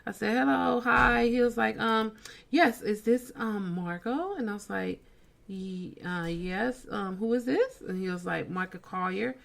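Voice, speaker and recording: A woman comedian chatting on a podcast tells a story with gusto. She acts out each quoted line in a shifting voice, and her pitch sits in an ordinary middle range. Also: measured pace, creaky. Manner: animated storyteller acting out quoted dialogue. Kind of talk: casual chat, storytelling.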